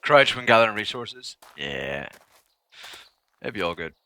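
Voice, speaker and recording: A man streaming a survival game live, commenting excitably, swearing often and yelping when startled. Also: lowish voice, a little slow, no echo.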